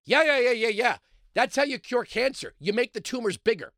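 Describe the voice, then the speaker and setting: A man hosting a talk radio show, delivering a sarcastic, mocking monologue that swings between loud outbursts and low mutters. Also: expressive, a little fast, dry recording, studio quality.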